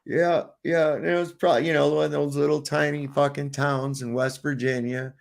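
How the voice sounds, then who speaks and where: A middle-aged man hosting a podcast, telling stories in a profane, animated, casual chat. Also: a little high, moderate pace, gravelly. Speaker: podcast host.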